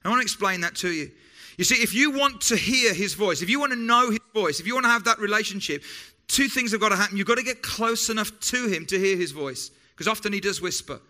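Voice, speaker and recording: A man's voice: high voice, lively intonation, quick pace, sharp tone. A man preaching a sermon in a chatty, informal way, stumbling over words and breaking off for jokey asides. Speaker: pastor.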